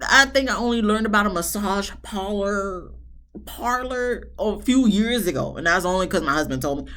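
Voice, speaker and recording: A woman recapping a reality show episode in a casual, sassy way, often jumping into high exclamations. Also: moderate pace. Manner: animated, sassy, jumps into high mock voices. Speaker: reality TV reviewer.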